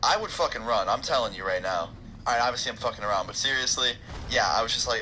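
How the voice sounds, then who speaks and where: A young man rattles through a story at high speed, cursing freely and cracking jokes as he goes. His voice sits at an ordinary middle pitch. Steady background noise runs under the recording. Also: quick pace. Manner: profane, rambling, joking. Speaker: storytime vlogger. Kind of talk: casual storytelling.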